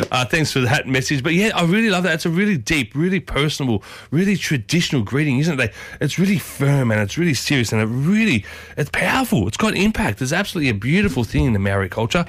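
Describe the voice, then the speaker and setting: A man's voice: on the high side, fairly bright tone, no echo. A man hosting a community radio morning show, chatty and enthusiastic, often repeating himself. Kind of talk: casual radio talk.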